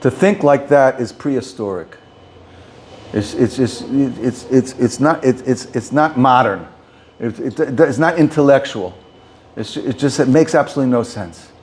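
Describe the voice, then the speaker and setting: A man's voice: mid-range voice, expressive, unhurried, a little mellow, a little hiss or hum. A man, a rabbi, giving an informal talk to a small group, often repeating and restarting words.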